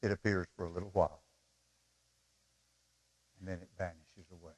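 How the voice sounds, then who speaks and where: A middle-aged man preaching a sermon as pastor, emotional and pleading, swinging from loud appeals to soft asides. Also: low voice, fairly even intonation, moderate pace, slightly rough.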